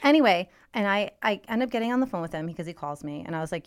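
Speaking very fast with a clean tone and mid-range pitch, a young woman co-hosts a podcast and tells a story in relaxed chat. She swears without restraint and acts out people's lines in animated fashion.

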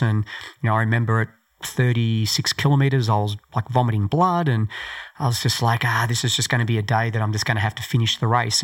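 Casting note: middle-aged Australian man, mid-range voice, rambling and filler-heavy, podcast guest recounting a race. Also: medium pitch. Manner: loose, rambling storytelling with many fillers. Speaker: guest, former Olympic marathon runner. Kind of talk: podcast interview storytelling.

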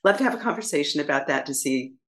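A woman's voice: deep voice, expressive, quick pace, fairly bright tone. A woman guest on a podcast, talking reflectively with many restarts and repeated phrases. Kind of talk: casual interview talk.

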